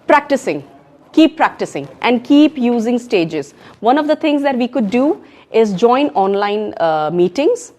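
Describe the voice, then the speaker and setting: A woman with a Pakistani accent giving an emphatic, animated talk on public speaking at a club meeting. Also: a little high, unhurried. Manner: emphatic and animated, mixing in Urdu phrases. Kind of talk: education session talk. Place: meeting room in a co-working space.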